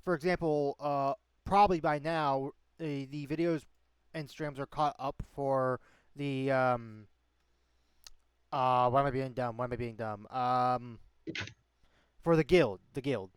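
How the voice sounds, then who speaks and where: A man's voice: mid-range voice, fairly even intonation, unhurried, clear, resonant tone, no room sound. A man hosting a casual stream chat as game master, rambling with many fillers and restarts.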